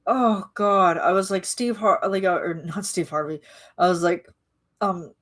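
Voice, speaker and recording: A woman's voice: on the low side, fairly even intonation, unhurried, a bit bright. A woman rambling casually in a live-stream chat with her viewers, full of restarts and fillers. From Canada.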